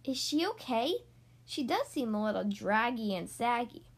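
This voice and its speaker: A woman voicing a loving, cuddly toy lamb who speaks softly and comfortingly in a storybook. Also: on the high side, big pitch swings, moderate pace, husky, voice pushed down, heavily acted.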